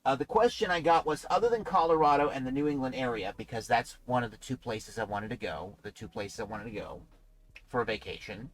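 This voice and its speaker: A man's voice: mid-range voice, a little fast, a bit bright, rough recording. A man hosting a casual livestream podcast, talking in a rambling, chatty way. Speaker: podcast host.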